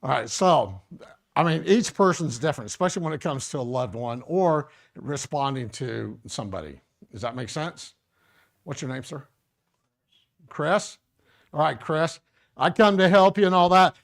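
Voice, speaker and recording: A man's voice: medium pitch, lively intonation, moderate pace, creaky. A middle-aged man teaching a first aid class to a live audience, casual and joking, talking straight to the people in the room.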